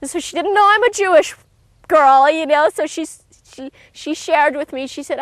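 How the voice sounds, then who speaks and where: High-voiced woman sharing an earnest testimony. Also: dry recording. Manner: earnest and heartfelt, with halting restarts. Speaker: speaker giving a personal testimony. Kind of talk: emotional personal testimony.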